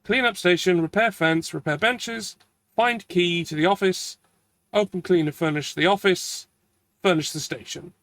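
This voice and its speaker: High-voiced man rambling over gameplay. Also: moderate pace, a bit bright, no echo. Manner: rambling, chatty and self-deprecating. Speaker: streamer. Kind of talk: casual gameplay commentary.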